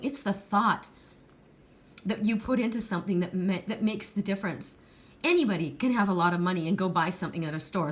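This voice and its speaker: A middle-aged woman giving a heartfelt, rambling pick-a-card reading, tearful at times. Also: mid-range voice. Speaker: tarot card reader.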